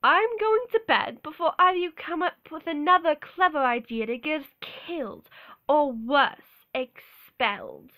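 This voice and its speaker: A woman's voice: high voice, a little slow, pushed and bright, voice pushed up. A woman voicing a bossy young schoolgirl in a put-on British accent. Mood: scolding.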